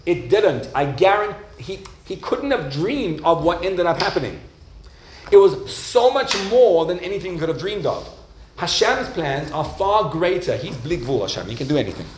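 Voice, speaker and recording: A man heading a yeshiva and teaching a Torah class to students, telling stories in an animated, conversational way. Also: on the high side, normal speed, slight background noise. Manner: animated, conversational, acts out the voices in his stories.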